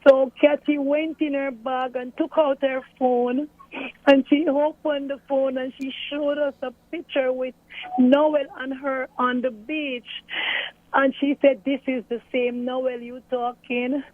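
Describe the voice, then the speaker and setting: A middle-aged woman speaks in a high, fairly flat voice, telling a story earnestly. The sound is tinny and phone-like, with a dry room. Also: a little slow, no echo. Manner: earnest, storytelling, animated retelling. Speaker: grieving mother interviewee. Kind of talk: recounting events in an interview.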